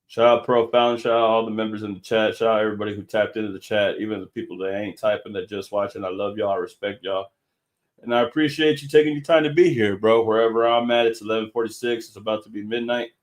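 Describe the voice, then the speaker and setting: A man's voice: on the low side, steady tone, fast. Man, live stream host, casual commentary, slangy, profane, frequent laughter.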